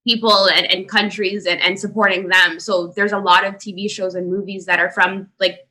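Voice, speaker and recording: A woman hosts a podcast in a relaxed, friendly chat, pausing on fillers as she thinks. Her voice is bright and mid-pitched. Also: poor audio. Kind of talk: casual interview chat.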